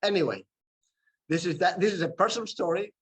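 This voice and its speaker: A man's voice: high voice, lively intonation, a little fast, husky, low-quality recording. A man from South America, presenting a talk, tells a personal story in a loose, rambling way with restarts and asides. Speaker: presenter of a medical talk series.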